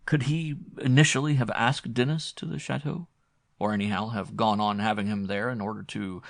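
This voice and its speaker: A man reading a horror audiobook aloud in a measured, brooding manner. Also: medium pitch, gravelly, a bit bright, dry recording, studio quality. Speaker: audiobook narrator. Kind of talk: scripted horror narration.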